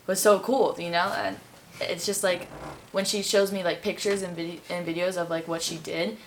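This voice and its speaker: A woman's voice: on the low side, level tone, moderate pace, a little hiss or hum. A young woman rambling in a casual group discussion, full of "like" fillers. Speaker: discussion participant.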